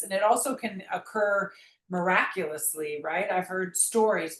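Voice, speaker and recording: A woman guest with a lowish voice reflects on her memoir in a conversational interview, speaking earnestly and rambling, often restarting sentences. The recording is rough, reverberant, and has slight background noise.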